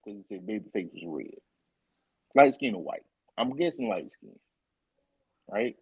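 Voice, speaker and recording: A man co-hosting a casual chat show, expressive and talking with wide swings in pitch. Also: measured pace, slightly rough, dry recording, rough recording. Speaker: podcast co-host.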